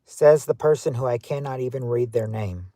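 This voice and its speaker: Warm in tone and mid-range in pitch, this Southern-accented man from Kentucky talks at a normal speed with no room sound. Out of doors on a casual livestream, he reads the viewers' chat aloud, frequently starting his sentences over.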